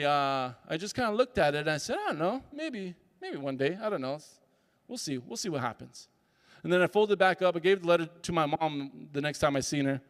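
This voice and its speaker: A man telling a personal story at a summit, lively and acting out the dialogue as he goes. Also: a little high, clean tone. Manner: animated, acts out dialogue in the story. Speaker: speaker at a summit. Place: conference hall. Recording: long hall reverb.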